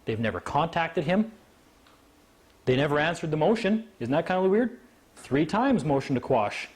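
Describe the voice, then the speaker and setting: A man speaking to a live audience, telling a story with animated delivery and acting out the voices of the people in it. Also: a little high, normal speed, slight background noise. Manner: animated, acts out quoted voices.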